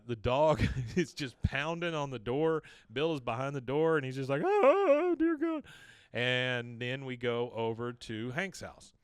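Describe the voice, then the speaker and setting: A man hosting a podcast, casually recapping an episode with animated storytelling and quick asides. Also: medium pitch, clean tone, no echo, studio quality. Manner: animated storytelling, acting out quotes. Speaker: podcast host.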